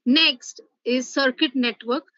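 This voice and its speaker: A woman professor walks students through an online revision lecture, step by step, with the odd filler. Her voice sits high and bright. The recording is dry and a little muffled. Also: steady tone, slow, no room sound. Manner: explains step by step, with filler "uh" and "okay".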